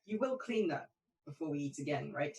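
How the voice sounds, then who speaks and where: Player doing a calm polite clan protector, mid voice, courteous. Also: mid-range voice, a little fast, roomy sound, a little hiss or hum, close to an everyday voice, low-quality recording. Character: polite, confident horse-bodied clan protector.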